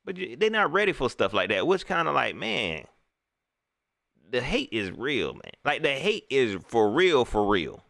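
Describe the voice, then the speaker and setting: A man's voice: medium pitch, measured pace, gravelly, no echo, studio quality. A man hosting a live stream, talking casually and emphatically and repeating his points. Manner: animated, emphatic, repeats phrases.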